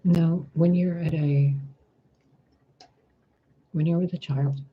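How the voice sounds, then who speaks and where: A man giving a spiritual tarot reading, talking in a gentle, reflective way and asking rhetorical questions. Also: on the high side, fairly even intonation, takes it slowly, husky, muffled recording. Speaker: tarot reader.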